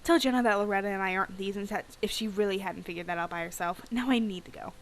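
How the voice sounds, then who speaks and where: Woman putting on bubbly teen girl, valley-girl gush, high squeals, show-off. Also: fast, slight background noise, close to an everyday voice, poor audio. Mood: excited.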